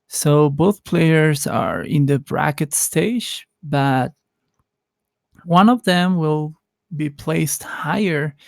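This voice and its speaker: Gravelly late-night commentator from Colombia. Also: male voice, no echo, clean studio sound. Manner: relaxed, low late-night voice, halting restarts. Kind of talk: live esports commentary.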